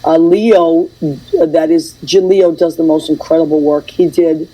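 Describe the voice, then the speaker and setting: A lively woman hosting a radio chat. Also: low voice, unhurried, low-quality recording. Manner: animated storyteller, acts out quotes. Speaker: host.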